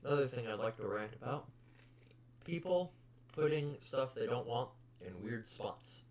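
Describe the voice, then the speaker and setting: A man's voice: medium pitch, expressive, unhurried, a little hiss or hum. A young man hosting a casual podcast, bluntly ranting about customers with plenty of swearing. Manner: blunt, profane, exasperated. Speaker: podcast host. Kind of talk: casual storytelling rant.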